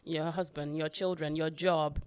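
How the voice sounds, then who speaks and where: A woman's voice: low voice, fairly even intonation, unhurried, clean tone, dry recording. A woman co-hosting a podcast, affirming and telling stories in a casual, heartfelt chat. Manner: warm, affirming, storytelling. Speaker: podcast co-host.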